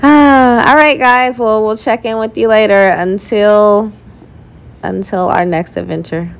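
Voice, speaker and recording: A woman's voice: mid-range voice, steady tone, a little slow, gravelly, a little hiss or hum. A woman co-hosting a casual travel podcast with her partner, chatty and laughing easily. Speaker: podcast co-host.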